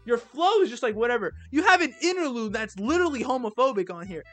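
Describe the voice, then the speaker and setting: A man's voice: very high voice, expressive, quick pace, a bit bright, dry recording, faint music behind. Blunt, rambling young man ranting. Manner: blunt, sarcastic, rambling with many fillers. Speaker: video creator ranking albums. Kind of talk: casual rant-style commentary.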